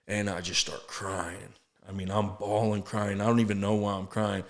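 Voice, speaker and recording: A man, a podcast guest telling his story in an earnest, halting way, often restarting and acting out quotes. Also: fairly low pitch, fairly even intonation. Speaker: podcast guest, sober living founder. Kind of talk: casual storytelling interview.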